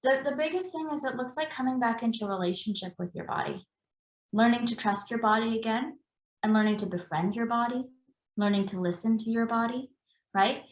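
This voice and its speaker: Earnest higher-voiced woman in an echoey room. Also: a little fast. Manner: earnest, explanatory, repeats phrases for emphasis. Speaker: embodiment practitioner guest. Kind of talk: conversational podcast interview.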